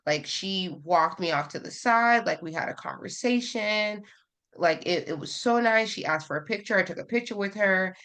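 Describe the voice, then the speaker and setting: A woman's voice: medium pitch, normal speed, fairly bright tone. A woman guest on a podcast, speaking candidly and telling a personal story in a casual chat, with lots of fillers. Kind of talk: casual conversation.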